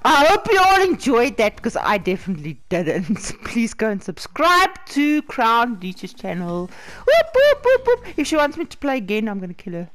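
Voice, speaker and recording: A hoarse woman giggling, swearing and shrieking with excitement through her let's-play commentary, over faint game music. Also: fairly high pitch, normal speed, hardly any pauses. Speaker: gamer.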